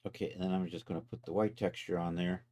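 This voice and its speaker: Low-voiced man chatting through a livestream. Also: steady tone, quick pace. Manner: chatty, talks to viewers and to his software while working, chuckles often. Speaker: 3D artist livestreaming his work. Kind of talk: casual live-stream commentary.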